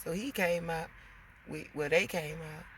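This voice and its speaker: A woman's voice: low voice, unhurried, background noise. A woman with young kids venting casually to her viewers, swearing freely and calling them y'all. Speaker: vlogger.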